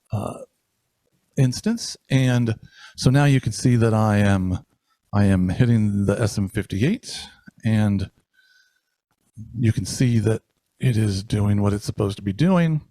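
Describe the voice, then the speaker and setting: Man, audio instructor on a live stream, gravelly texture, dry sound, casual rambling delivery. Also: lowish voice, mellow, no room sound. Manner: casual, rambling with restarts and fillers. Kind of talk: live-streamed technical demonstration. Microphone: handheld dynamic mic moved near and far.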